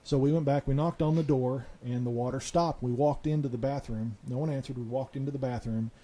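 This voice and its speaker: A man, a guest on a talk show, telling a ghost story in a halting way. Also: medium pitch, steady tone, dark tone, poor audio. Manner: halting, full of restarts and fillers.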